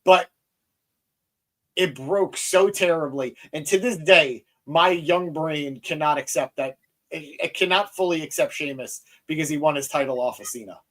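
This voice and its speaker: On a wrestling recap podcast, a young male host chats at a moderate pace in a somewhat high, slightly bright voice. He sounds excited and easygoing before handing off to his co-host.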